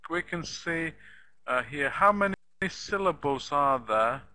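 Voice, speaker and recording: In an online elementary English lesson, a man teaches slowly and patiently, repeating words and spelling them out letter by letter. His voice is on the high side, bright and forceful with lively intonation, though the recording quality is low.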